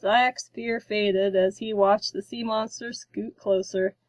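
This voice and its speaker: Slow-reading woman narrator. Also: medium pitch, fairly even intonation, no room sound, low-quality recording. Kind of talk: storybook reading.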